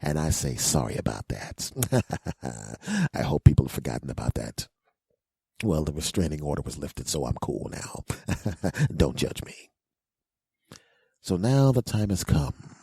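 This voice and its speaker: Solo comic host, low mellow voice, dry close mic, whiny self-mocking rants. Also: male voice, sing-song, measured pace, gravelly, long pauses, husky, no echo. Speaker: podcast host. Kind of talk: comic monologue.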